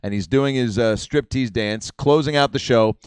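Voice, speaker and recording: A man's voice: medium pitch, moderate pace, a little mellow, clear, resonant tone, dry recording. A man hosting a podcast, telling a long story casually and acting out the quotes. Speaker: podcast host. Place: comedy club room.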